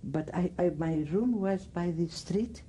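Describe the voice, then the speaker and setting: An older woman with a Greek accent, giving oral history testimony in halting speech, often searching for words. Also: lowish voice, warm tone, a little hiss or hum, poor audio. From Greece. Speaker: interviewee.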